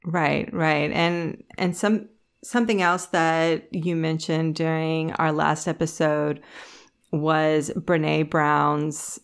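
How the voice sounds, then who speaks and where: A woman with a slightly low voice co-hosts a casual podcast chat. She tells stories at length and slips into lively quoted voices, often restarting her sentences. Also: slow, clear, resonant tone. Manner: storytelling, animated when quoting others; frequent restarts and laughs. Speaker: podcast co-host.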